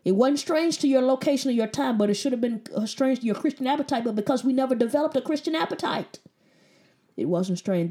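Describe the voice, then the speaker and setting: A woman's voice: high-pitched, lively intonation, fast talker, mellow. A woman preaching a sermon with emphatic repetition and pointed rhetorical questions.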